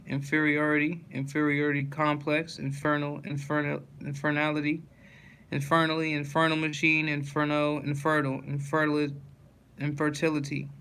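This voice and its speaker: A man reading a long list of dictionary words aloud in a steady recitation, with occasional slips and restarts. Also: on the high side, a little hiss or hum, rough recording. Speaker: word-list reader.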